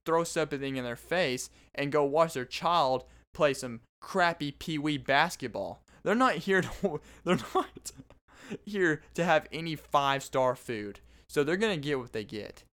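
A man's voice: on the high side, animated, measured pace, fairly bright tone. A man in his twenties hosting a podcast, telling stories in a rambling, self-interrupting casual monologue. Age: 20s. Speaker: podcast host.

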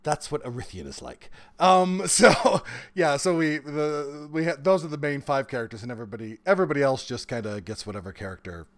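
A man in his forties, an author talking as a guest in a casual interview, animated and quick to laugh. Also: a little high. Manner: animated storyteller, bursts of laughter.

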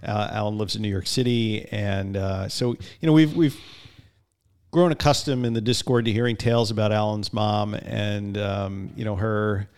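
A man's voice: lowish voice, fairly even intonation, moderate pace, darkish tone, clear, resonant tone. A man co-hosting a casual podcast, talking in a rambling way with many fillers. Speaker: podcast co-host.

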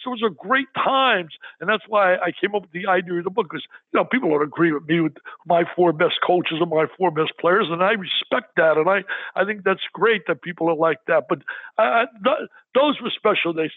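An older man and sports broadcaster telling excited stories in an interview, with animated, exclamatory talk. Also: sits high, slightly rough, no echo, phone-quality sound. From New York area. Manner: animated, exclamatory, raises his voice for quoted arguments.

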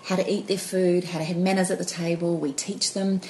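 A woman, telling stories in an animated, laughing way as a guest in a casual chat. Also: on the low side, fairly quick, slight background noise, rough recording. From New Zealand. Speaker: podcast guest.

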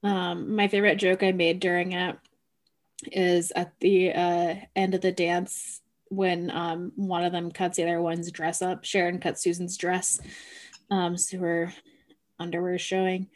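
A woman co-hosting a podcast in relaxed casual chat, joking and dropping in quoted asides. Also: on the low side, unhurried. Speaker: podcast co-host.

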